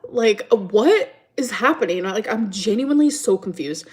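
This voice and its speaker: A woman's voice: mid-range voice, expressive, normal speed. A woman streaming from home, chatting casually and rambling through a story time while answering her chat.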